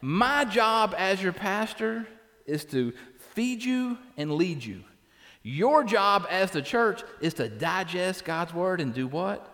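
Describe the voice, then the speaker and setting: High-voiced preaching pastor, reverberant hall. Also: male voice, sing-song, slow pace, a bit bright. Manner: conversational, tags lines with "right?". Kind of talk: sermon. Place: church.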